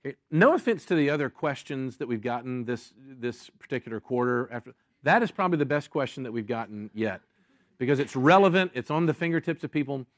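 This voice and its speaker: A man preaching a sermon to a congregation, animated and acting out story voices, restarting his sentences often. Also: medium pitch, brisk, no room sound. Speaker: pastor. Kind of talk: sermon with audience Q&A.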